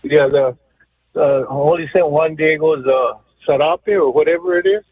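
A male caller with a fairly high voice comes through a thin, tinny phone line. He rambles, hesitates and gropes for words as he tells his story. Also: fairly even intonation, moderate pace, a little hiss or hum. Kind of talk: phone-in chat.

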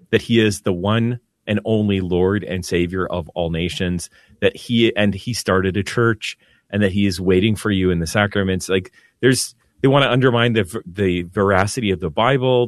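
Priest co-host, calm and reflective, lowish voice, dry studio. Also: male voice, no echo. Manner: calm, reflective, lowers his voice to soothe. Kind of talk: Catholic radio talk.

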